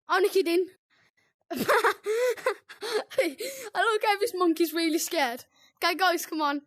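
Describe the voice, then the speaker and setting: Excitable high-pitched British gamer. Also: slow, no echo, clean studio sound. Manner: excitable, yelps and giggles, teasing. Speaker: gaming video host. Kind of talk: excitable let's-play commentary.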